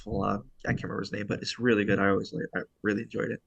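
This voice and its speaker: A man chats casually on a podcast, eagerly retelling scenes and laughing along the way. His voice is bright and forceful. The sound is dry and close. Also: lowish voice, racing, creaky, slightly rough, no echo, lo-fi sound. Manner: animated storytelling with laughs. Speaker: podcast co-host. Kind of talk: casual chat.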